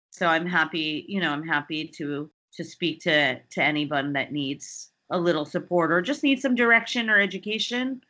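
A woman social worker speaking as a podcast guest, her voice low yet bright and forceful. She talks haltingly, circling back and restarting her sentences with frequent fillers. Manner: halting, many restarts and "you know" fillers. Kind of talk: casual interview chat.

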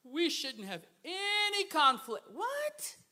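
A man preaching a sermon as a guest speaker, swinging between hushed asides and loud, emphatic bursts and laughing often. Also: high-pitched, animated, moderate pace.

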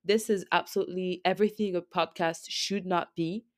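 Woman, French accent, podcast host, casual chatty recap, rambling with fillers, lowish voice, dry close sound. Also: fairly even intonation, normal speed, no echo. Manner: rambling, chatty, heavy use of filler words.

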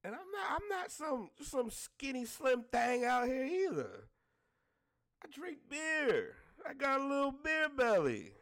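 High, gravelly-voiced man ranting. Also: sing-song, measured pace, a bit bright. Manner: blunt, exasperated, heavy swearing. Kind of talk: profane casual rant.

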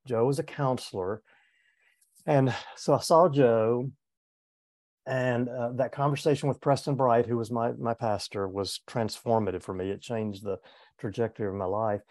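Man, 70s, former pastor, earnest candid storytelling, mellow voice, dry sound. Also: medium pitch, steady tone, moderate pace, no echo. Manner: earnest, candid, with frequent restarts. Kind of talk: reflective personal storytelling in conversation.

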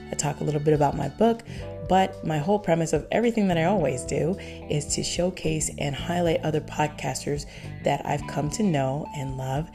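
A woman's voice: on the low side, creaky. A woman hosting her podcast, giving upbeat, faith-filled encouragement to listeners. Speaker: podcast host. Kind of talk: upbeat motivational podcast talk.

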